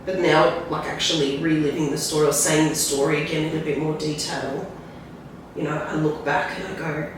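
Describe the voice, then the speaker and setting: A woman's voice: deep voice, flat delivery. Female guest, frank storyteller with restarts and tag questions; recorded off-mic in a reverberant room. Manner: rambling, tag questions like "right?"; halting, restarts when emotional. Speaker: podcast guest. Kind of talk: candid personal storytelling. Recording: very echoey room, distant mic, faint noise.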